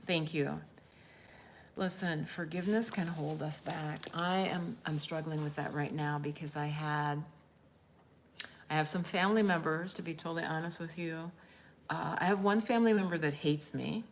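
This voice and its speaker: A woman life coach chatting candidly on a live stream, rambling as she answers viewer comments. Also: deep voice.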